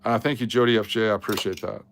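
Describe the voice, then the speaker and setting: A man's voice: lowish voice, fairly even intonation, fast, gravelly, a little hiss or hum. A man hosting a casual livestream, talking to his chat in a blunt, joking, rambling way. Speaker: livestream host.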